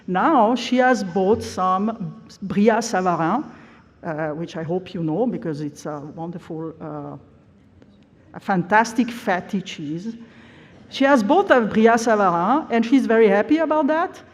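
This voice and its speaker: A woman delivers an academic plenary lecture, explaining examples step by step. She often pauses on "uh" as she searches for words. Her voice carries a long reverb from a large hall. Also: mid-range voice, animated. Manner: frequent uh hesitations, explanatory.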